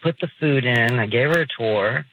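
A young man calling into a show, telling a dating story in a relaxed, rambling way full of fillers. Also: medium pitch, moderate pace, background noise. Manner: laid-back, rambling with many "like"s. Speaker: caller. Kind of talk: casual phone-in storytelling. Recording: tinny phone line.

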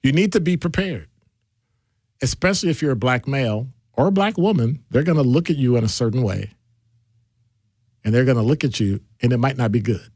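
A middle-aged man hosting a casual call-in radio show, talking in a digressive, animated way. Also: fairly quick, breathy edge, dry recording, studio quality. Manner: animated, digressive, jumps between deep and high voices. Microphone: studio microphone.

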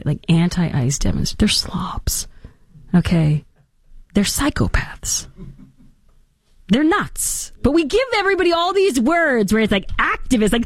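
A woman in her thirties hosting an opinionated talk show, animated and mocking in her delivery. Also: a little high, dry recording. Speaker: host.

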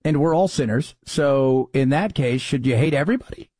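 Husky, animated man ranting. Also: medium pitch, normal speed, no echo. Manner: sarcastic, exasperated, animated. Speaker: commentary show host. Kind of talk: opinionated commentary.

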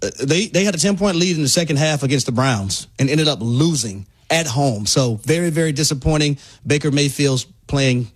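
A man's voice: on the high side, moderate pace, hardly any pauses, husky. A man co-hosting a sports talk radio show, giving emphatic opinions and repeating words for stress.

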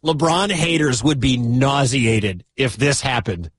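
A man hosting sports talk radio, excitable and given to loud bursts of enthusiasm. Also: medium pitch, measured pace, husky, dry recording.

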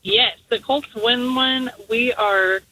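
A woman's voice: fairly high pitch, takes it slowly, bright, forceful tone, slight background noise, poor audio. A woman from Indiana calling in to a sports radio show, chatty and enthusiastic with many fillers. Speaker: caller. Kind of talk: call-in radio chat.

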